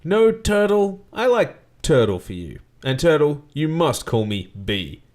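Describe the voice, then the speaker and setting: A man's voice: on the high side, big pitch swings, unhurried, darkish tone, voice pushed up. A man with an Australian accent voicing a brash, cocky middle-aged male TV host in a comedy script read. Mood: boastful. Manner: boisterous, theatrical line reading.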